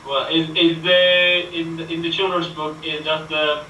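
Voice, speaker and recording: Stammering contestant man, bright and distant. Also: a little high, little pitch movement, unhurried, muffled recording. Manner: hesitant, stammering questions. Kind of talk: live game show play. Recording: roomy, distant mic, faint noise.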